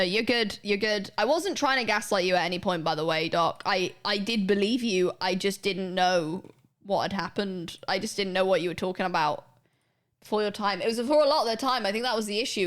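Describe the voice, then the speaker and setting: A woman's voice: mid-range voice, a bit bright. A young woman chatting casually on her stream, rambling, swearing and trailing off mid-sentence. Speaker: livestreamer.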